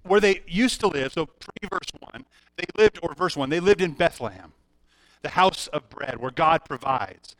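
A middle-aged pastor preaching a sermon, telling a personal story earnestly with frequent restarts. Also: male voice, on the high side, animated, normal speed, a bit bright, no room sound, clean studio sound.

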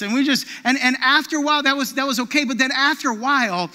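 A man preaching a sermon as a pastor, telling animated stories with frequent restarts. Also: very high voice, quick pace, few pauses. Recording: long reverb of a large hall.

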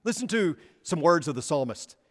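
A male pastor preaching an earnest sermon, rising for emphasis and dropping softly for asides. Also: a little high, big pitch swings, moderate pace, slightly rough. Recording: long hall reverb.

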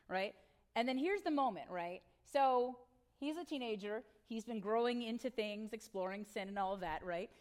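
Middle-aged woman preacher, chatty and wry, sometimes drifts off mic. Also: medium pitch. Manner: conversational storytelling with asides and tag questions. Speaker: pastor. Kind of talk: sermon.

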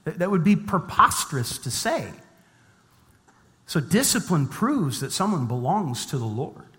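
A middle-aged man delivering a sermon from the pulpit, his voice sitting a touch high for a man. He shifts easily between reading scripture and telling light, self-deprecating stories in a chatty tone. The sound carries a long reverb from a large church hall. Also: sing-song, a little slow, bright, forceful tone. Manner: conversational with humorous personal asides. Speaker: pastor. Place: church sanctuary.

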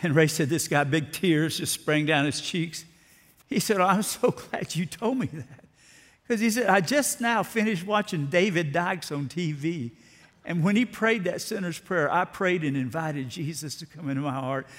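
A pastor gives a folksy, storytelling sermon. His man's voice sits a touch high for a man. It rings out with a long echo as though he is in a large sanctuary. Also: moderate pace, a bit bright. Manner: folksy, storytelling, down-to-earth preaching. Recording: long hall reverb.

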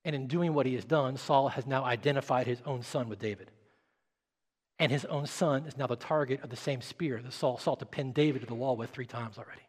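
A male pastor preaching a sermon with dramatic swings between hushed, quiet passages and loud, emphatic ones. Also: mid-range voice, brisk, breathy edge, long reverb tail. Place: church.

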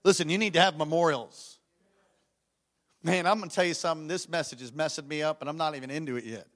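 A man, a pastor, preaching a sermon in church to a congregation, moving between rousing, shouted exhortations and hushed storytelling, and calling on the crowd to respond. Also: fairly high pitch, quick pace. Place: church service before a congregation.

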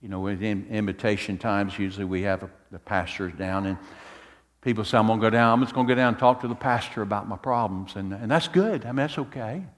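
A man preaching a sermon as pastor, swinging from loud fervent preaching to hushed tender tones. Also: lowish voice, brisk, in a large hall.

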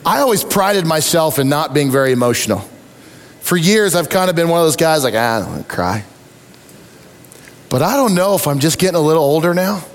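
A middle-aged male pastor preaches in a high, bright-pitched voice. He tells stories with animated, self-deprecating humor. His voice rings out with the long reverb of a large hall. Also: quick pace. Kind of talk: sermon.

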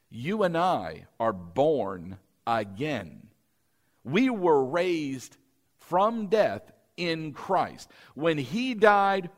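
A male pastor preaching with a fairly high, very lively voice. He leads his listeners through call-and-response lines and swells into loud, emphatic peaks. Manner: rising to emphatic, louder peaks. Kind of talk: sermon.

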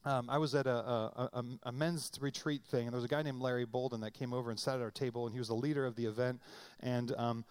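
A middle-aged male pastor preaching in a conversational, animated way, acting out quotes with comic voices. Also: medium pitch, quick pace, smooth. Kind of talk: sermon.

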